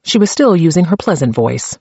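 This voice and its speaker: A man narrating an audiobook in a steady, even storytelling manner. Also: a little high, brisk, breathy edge, dry recording, muffled recording. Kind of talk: scripted narration.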